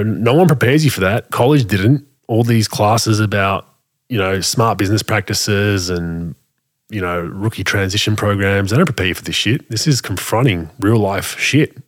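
A man telling a story in a casual way, animated and full of restarts, acting out the dialogue. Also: lowish voice. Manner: animated, acts out quoted dialogue, frequent restarts.

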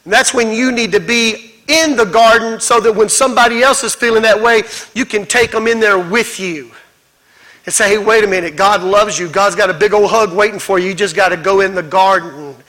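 Male pastor, very high and sharp-toned, rhythmic and fervent sermon delivery. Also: fairly quick, rough recording. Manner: builds to shouted, fervent preaching; repetitive rhythmic exhortation.

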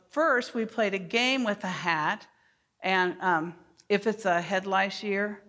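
A middle-aged woman giving a workshop to teachers, speaking deliberately and modeling phrases for the audience to repeat. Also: fairly low pitch, fairly bright tone. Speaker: early childhood educator giving a workshop.

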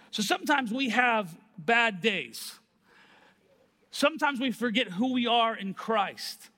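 A man preaching a sermon, telling a story with animated quoted voices and laughter. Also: sits high, in a large hall.

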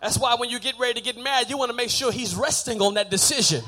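A middle-aged man from Texas with a Texan accent preaching a sermon in a church, calling on the congregation to respond and building up to shouted climaxes. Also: very high-pitched, fairly even intonation, fast talker, a little hiss or hum. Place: church sanctuary.

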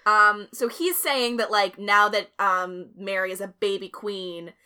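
Bright-voiced woman telling history casually. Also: mid-range voice, measured pace, clean tone. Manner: laughs often, swears, uses filler like. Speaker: podcast co-host telling a history story. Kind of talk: casual chat, storytelling.

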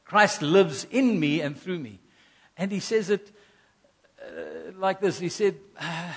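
Male pastor, middle-aged, from South Africa, earnest sermon delivery, slightly higher voice, repeats phrases. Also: slow, vocal fry, breathy edge. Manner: earnest preaching with repetitions and acted asides.

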